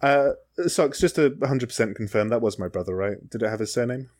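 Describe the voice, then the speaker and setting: A man's voice: medium pitch, a little fast, a little mellow. A man co-hosting a podcast in casual chat, joking and self-mocking, often stopping and restarting mid-sentence. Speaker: podcast co-host.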